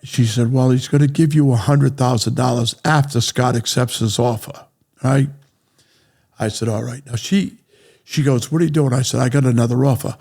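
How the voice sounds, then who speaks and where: A man with a New England accent, a real estate developer telling animated stories in a podcast interview and acting out the lines of the people in them. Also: mid-range voice, moderate pace, vocal fry.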